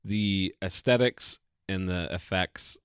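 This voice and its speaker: A man's voice: sits low, slow pace, clear, resonant tone, no echo, clean studio sound. A man co-hosting a podcast, easygoing and a little hesitant as he talks his thoughts through. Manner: easygoing, hesitant, thinks aloud. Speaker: podcast co-host. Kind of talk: casual chat.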